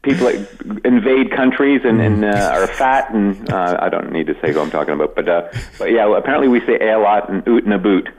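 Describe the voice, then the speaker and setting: A middle-aged Canadian comedian with a Canadian accent, giving a dry, self-deprecating radio interview with many restarts. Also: male voice, fairly low pitch, brisk, few pauses, low-quality recording. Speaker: comedian guest.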